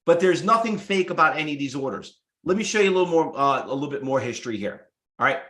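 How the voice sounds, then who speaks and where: A man's voice: fairly high pitch, lively intonation, fast, a bit bright, reverberant. A man teaching stock trading to a live class, blunt and salesy, firing off rhetorical questions. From United States. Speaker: trading instructor. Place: room with live students.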